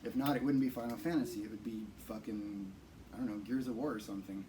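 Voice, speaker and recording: A man's voice: on the low side, steady tone, quick pace. A man in his forties co-hosting a podcast, laid-back and joking, swearing freely. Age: 40s. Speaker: podcast co-host. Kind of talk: casual chat. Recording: distant mic with faint noise.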